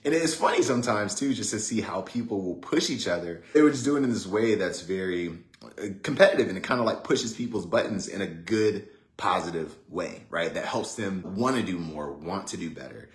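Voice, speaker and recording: Low-voiced man chatting casually, echoey room. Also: fairly quick. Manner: relaxed, conversational, many fillers like 'right?'. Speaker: host. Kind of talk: casual motivational talk on a livestream. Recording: roomy echo.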